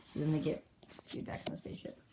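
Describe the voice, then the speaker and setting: A woman's voice: quick pace, whispered, rough recording. A woman rambling breathlessly through the story of her homemade comic, popping into squealed character voices. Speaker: comic creator. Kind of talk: casual retelling of a homemade comic.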